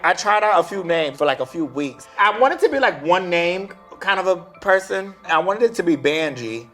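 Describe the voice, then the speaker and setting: A man who performs in drag, chatting in a casual interview, sassy and animated, full of slangy asides. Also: high voice, normal speed, faint music behind.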